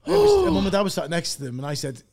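A man, a comedian guest, chats casually and tells rambling anecdotes, often breaking into laughter and swearing as he goes. His voice sits a little higher than most men's. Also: huge pitch swings, rapid-fire, very noisy. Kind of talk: casual chat.

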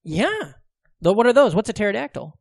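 A man's voice: high voice, big pitch swings, fairly quick, gravelly, a little mellow, no room sound, clean studio sound. A young man co-hosting a podcast in casual, joking, profane chat. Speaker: podcast co-host.

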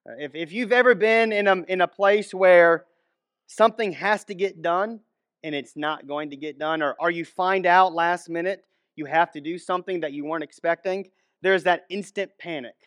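A man's voice: high-pitched, moderate pace, fairly bright tone, dry recording, clean studio sound. A young man, a minister, giving a casual, conversational Bible teaching with many restarts and asides.

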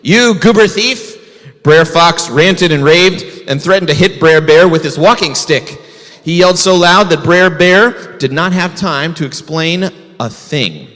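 A man's voice: a little high, a little slow, fairly bright tone, big-room sound. A man, a rabbi, telling a folk tale to children in a folksy way, asking the kids questions. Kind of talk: storytelling to children.

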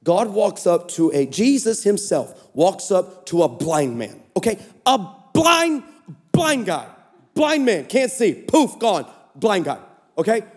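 Preacher guy, high voice, gets loud then drops low, echoey conference hall. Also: measured pace. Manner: animated, swings between shouting and low asides. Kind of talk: sermon. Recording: reverberant hall.

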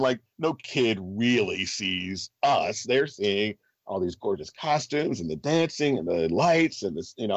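Lively middle-aged male storyteller, low voice. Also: no echo. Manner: animated storyteller, laughs often. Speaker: guest, stage performer. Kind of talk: casual storytelling in an interview. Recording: slightly dull, dry podcast audio.

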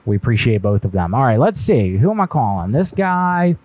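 A man's voice: medium pitch, sing-song, a little fast, a little mellow, no room sound. A man hosting a live stream and making a prank call, fake-friendly and then needling with mock offense. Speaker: prank caller, host.

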